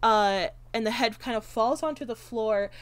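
Young woman rambling through a movie plot, kinda high voice, dead dry mic, says like a lot. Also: normal speed, no room sound. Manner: rambling recap, heavy filler words and swearing. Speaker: podcast co-host. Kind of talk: casual movie-discussion chat.

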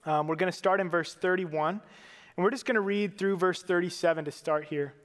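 A man's voice: high-pitched, a little fast, a bit bright, long reverb tail. A man giving a sermon as a pastor, earnest and conversational, with casual fillers.

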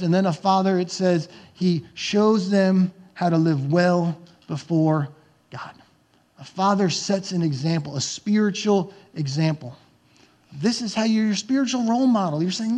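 A man preaching a sermon in a relaxed, conversational way. His voice sits high for a man. He now and then slips into acted-out lines of shouting parents and gentle coaches. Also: moderate pace. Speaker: pastor.

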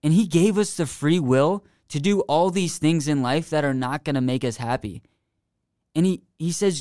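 Earnest young man, smooth dry voice. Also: on the high side, moderate pace, mellow, no echo. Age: young adult. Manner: earnest, rambling, many restarts and "like". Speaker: podcast guest. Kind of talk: casual faith testimony.

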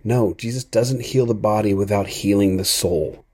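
A man with a low, warm and slightly husky voice gives a reflective devotional talk. He speaks earnestly and thoughtfully as a podcast host. His pace is unhurried.

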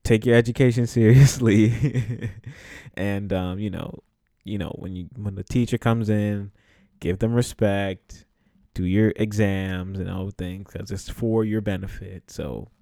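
A man's voice: lowish voice, fairly even intonation, a little slow, warm tone, no echo, studio quality. Laid-back young man from the Bronx. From the Bronx, New York. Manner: laughs often, profane and loose. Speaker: podcast host. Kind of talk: casual storytelling monologue.

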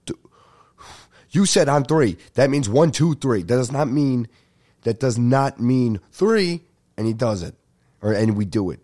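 A man's voice: medium pitch, a little slow, pauses often. Ranting man. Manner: animated ranting with frequent profanity. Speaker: podcast host. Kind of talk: ranting comedic storytelling.

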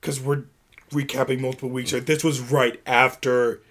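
A man's voice: medium pitch, little pitch movement, moderate pace, fairly bright tone. A man co-hosting a casual podcast, mostly chiming in with agreement and short opinions. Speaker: podcast co-host. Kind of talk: casual chat.

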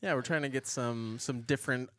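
A man co-hosts a casual podcast, dropping dry, understated quips. His tone is bright, and the room sounds dry. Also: mid-range voice, a little fast, dry recording. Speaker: podcast co-host.

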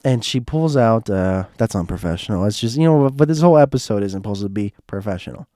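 A man hosting a podcast, telling a casual anecdote in a rambling, animated way and jumping higher when he quotes himself. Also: quick pace, no echo, clean studio sound. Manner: animated, rises in pitch when quoting himself; rambling, with many fillers. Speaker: podcast host.

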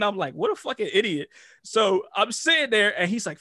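A man's voice: high-pitched, lively intonation, a little fast, pushed and bright, dry recording, clean studio sound. A young man from New York with a New York accent, telling a prank story in a casual, profane, slangy chat and acting out the voices. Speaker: guest storyteller.

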